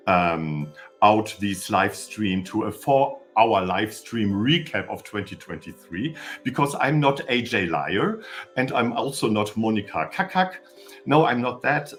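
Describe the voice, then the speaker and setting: A man's voice: mid-range voice, a bit bright. A man with a German accent, hosting a casual live stream for his channel, rambling, stammering and chatting cheekily with his viewers. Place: home in Austria.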